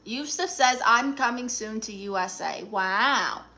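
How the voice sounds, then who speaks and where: A woman's voice: a little high, pushed and bright, slight background noise. A woman playing a sassy New York aunt. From Brooklyn, New York. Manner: sassy, quick comebacks, reads chat aloud. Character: brassy, sassy middle-aged aunt playing self-styled therapist. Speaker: live streamer reading viewer comments. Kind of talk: comedic improvised live stream.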